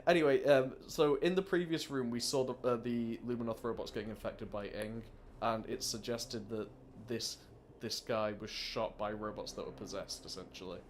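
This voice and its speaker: A man's voice: mid-range voice, moderate pace, few pauses, a little hiss or hum. A man hosting a let's play, chatting casually and rambling with many restarts. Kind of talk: casual gameplay commentary.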